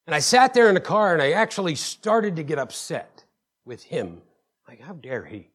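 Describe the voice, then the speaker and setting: A man's voice: fairly high pitch, big pitch swings, normal speed, a bit bright. A man preaching a sermon as pastor. He tells personal stories with emphatic call-outs to the congregation and often stammers and repeats words.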